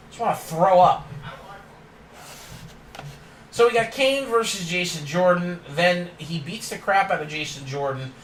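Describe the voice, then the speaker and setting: A man's voice: sits high, animated, unhurried, fairly bright tone, roomy sound, far from the mic, slight background noise, rough recording. A man hosting a casual wrestling recap, opinionated and ranting with frequent laughs. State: yawning and tired.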